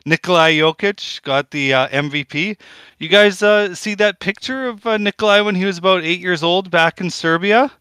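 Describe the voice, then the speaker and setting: Man, slightly high, bright voice, dry close sound; corny stand-up bit, rambling setups. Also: normal speed, clean tone, dry recording. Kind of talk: mock stand-up routine, casual chat.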